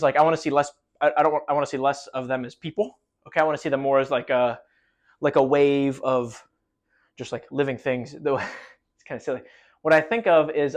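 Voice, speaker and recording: A man with a somewhat high voice walks through choreography for a marching band, counting beats aloud as he demonstrates. His explanations are casual and full of fillers, and he sounds a little winded from moving. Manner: loose, filler-heavy explaining with rhythmic counting. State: slightly out of breath from demonstrating.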